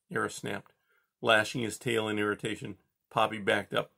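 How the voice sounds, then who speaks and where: Gravelly man reading a children's book. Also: lowish voice, little pitch movement, a little fast, bright, forceful tone. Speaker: audiobook reader. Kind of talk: reading a children's novel aloud.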